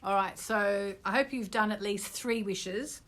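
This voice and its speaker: A middle-aged British woman who teaches astrology, guiding an online group through a manifestation exercise in a gently instructive way. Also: medium pitch, unhurried. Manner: gently instructive, with bursts of loud ecstatic gratitude.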